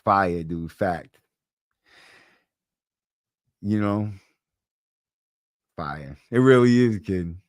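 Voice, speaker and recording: Speaking into a close podcast mic, a brash young Massachusetts man with a heavy Boston accent reads viewer comments on his casual livestream podcast, swearing and using street slang. His voice is on the low side, and the sound is clean studio audio with no room sound.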